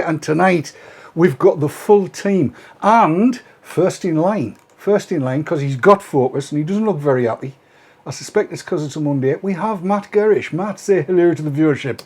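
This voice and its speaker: A man's voice: fairly high pitch, normal speed, darkish tone. A man hosting a casual live stream, chatty and teasing as he brings in his guests. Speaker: host.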